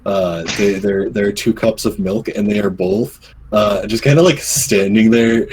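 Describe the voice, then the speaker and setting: A man narrating as game master in a halting, filler-heavy way. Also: lowish voice, fairly even intonation, darkish tone, a little hiss or hum, low-quality recording.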